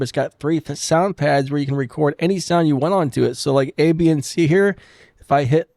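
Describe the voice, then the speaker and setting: Relaxed man reviewing gear, dark tone. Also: fairly high pitch, no echo, studio quality. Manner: relaxed, chatty explaining. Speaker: product reviewer. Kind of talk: casual product review demo. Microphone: studio broadcast microphone.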